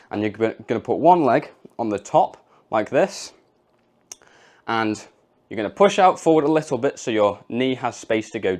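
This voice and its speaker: A man's voice: fairly low pitch, a little mellow. Casual young man coaching workouts. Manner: casual, chatty, demonstrating moves while explaining. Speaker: fitness coach. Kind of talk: home workout demonstration.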